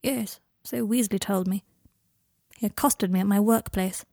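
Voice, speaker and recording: A woman voicing a guarded, hurt young man who speaks coolly and precisely, with a husky, breathy voice. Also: medium pitch, steady tone, a little slow, no room sound, studio quality. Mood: cold, wounded. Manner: cool, precise, sharp-edged.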